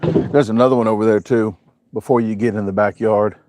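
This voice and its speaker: A man's voice: fairly low pitch, steady tone, a little fast, darkish tone, slight background noise. A man, hosting a casual live chat, reading out viewer comments and joking as he rambles. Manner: joking, rambling, with a southern-US way of talking. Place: home, showing a backyard on camera.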